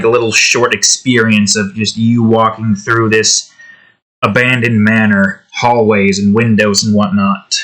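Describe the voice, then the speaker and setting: A man's voice: lowish voice, bright, forceful tone. A young man chatting casually while he draws at home, rambling with lots of fillers and side comments. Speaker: digital artist and channel host. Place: at home indoors, with his cat nearby.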